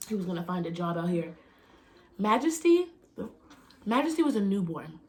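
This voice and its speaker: A woman's voice: medium pitch, sing-song, normal speed, a little mellow. A young adult woman chatting casually in a storytime vlog, retelling events dramatically with gasps and laughter. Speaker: vlogger telling a story.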